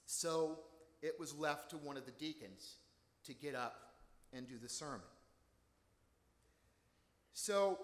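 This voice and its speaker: A man's voice: on the high side, fairly bright tone. Man preaching in an echoey hall. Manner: measured storytelling, earnest. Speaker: pastor. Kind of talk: sermon. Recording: echoey hall with long reverb.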